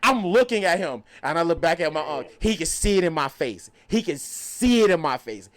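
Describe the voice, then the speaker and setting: A young man, a podcast guest, telling a lively story and acting out the people in it. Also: on the high side, a little fast. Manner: lively, acts out quoted voices, laughs often. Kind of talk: animated storytelling.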